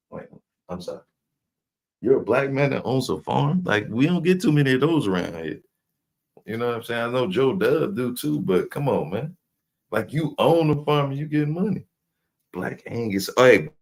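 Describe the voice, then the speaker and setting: A man's voice: fairly low pitch, gravelly. A man hosting a casual live stream, teasing his chat with loose slang and frequent laughs. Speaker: livestream host reading chat.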